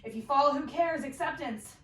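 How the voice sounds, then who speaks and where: High-voiced woman leading a yoga class. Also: moderate pace, fairly bright tone. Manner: encouraging cues, slightly out of breath while practicing. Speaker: yoga teacher. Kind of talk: guided yoga class instruction. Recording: roomy echo, voice from a distance.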